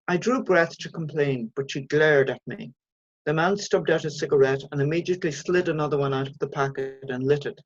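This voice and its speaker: A woman, an author reading her own short story aloud in a measured, even way. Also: deep voice, dry recording, highs cut off.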